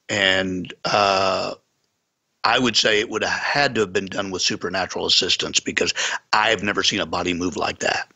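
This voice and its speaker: A man's voice: fairly low pitch, bright, forceful tone. A man, a pastor, earnestly telling a story in a conversation, with folksy sayings. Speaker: pastor and guest.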